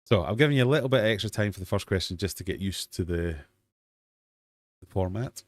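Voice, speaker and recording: A man's voice: lowish voice, animated, fast talker, no echo. A Scottish man in his forties hosting a casual livestream quiz, bantering with chat in a jokey, self-deprecating way. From Scotland. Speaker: livestream host. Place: home fish room.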